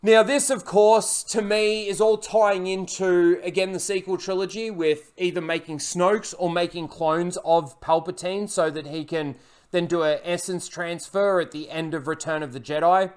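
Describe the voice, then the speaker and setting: A man's voice: sits high, fairly even intonation, moderate pace, clean tone. A man recapping and reviewing a TV episode in a casual, rambling way, full of fillers and blunt, profane criticism.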